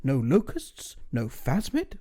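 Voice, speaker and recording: A man's voice: mid-range voice, huge pitch swings, slow pace, mellow, breathy edge. A man streaming a game, chatting casually with joking, rambling asides. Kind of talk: casual gaming commentary.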